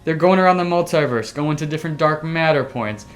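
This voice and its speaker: A man hosting a casual podcast, telling a story excitably with sound effects and the odd swear word. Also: on the high side, brisk. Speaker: podcast host.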